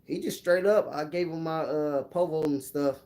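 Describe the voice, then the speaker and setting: A man's voice: fairly high pitch, moderate pace, darkish tone. A man casually telling a personal story on his channel, laid-back and full of slang. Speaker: vlogger.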